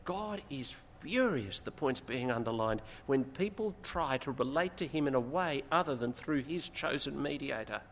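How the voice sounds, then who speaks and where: A man's voice: medium pitch, normal speed, hardly any pauses. A man preaching a sermon and explaining scripture, his voice rising when he stresses a point. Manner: expository, rises in emphasis, animated retelling. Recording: long hall reverb, faint noise.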